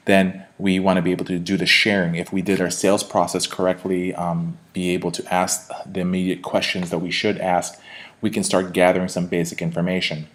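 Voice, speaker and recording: Very deep-voiced man teaching sales technique. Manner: conversational, many fillers and tag questions. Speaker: sales trainer. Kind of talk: instructional talk to camera.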